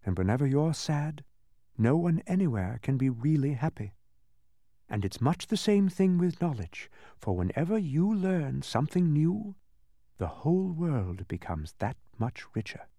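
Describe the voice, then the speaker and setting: A man reading aloud, voicing a grave, quiet, wise young princess in a storybook. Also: on the high side, a little slow, no echo, pitched above the performer's own voice, exaggerated voice. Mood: gentle, wise. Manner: calm, quiet, patient.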